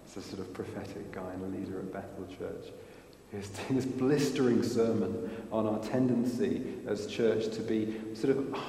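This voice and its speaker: A man's voice: lowish voice, gravelly, warm tone. A man preaching a sermon in an earnest way, asking rhetorical questions of his listeners. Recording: echoey hall.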